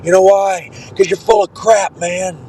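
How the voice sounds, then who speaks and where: A man's voice: sits high, steady tone, unhurried, darkish tone. A man doing an impression of an old, folksy male president in a recorded voice message, rambling and scolding.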